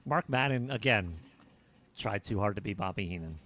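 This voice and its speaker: A man's voice: lowish voice, lively intonation, moderate pace, a bit bright. A man co-hosting a podcast in casual chat, laid-back, with short reactions and asides. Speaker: podcast co-host. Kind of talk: casual wrestling recap chat.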